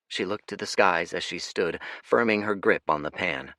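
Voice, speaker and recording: A man narrating an audiobook in a dramatic, expressive storytelling manner. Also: low-pitched, moderate pace, no echo, clean studio sound. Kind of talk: scripted narration.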